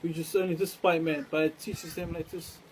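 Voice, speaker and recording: A man's voice: fairly high pitch, little pitch movement, moderate pace, slight background noise, low-quality recording. A man telling a rambling, profane story, acting out exchanges and saying "man" often. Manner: repeats "man" as filler.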